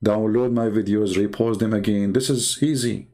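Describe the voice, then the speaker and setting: Tired gravelly man preaching late at night. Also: lowish voice, steady tone, moderate pace, mellow. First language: Arabic. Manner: emphatic, preachy, non-native grammar. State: tired, voice strained. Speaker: online debate show host. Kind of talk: late-night livestream talk.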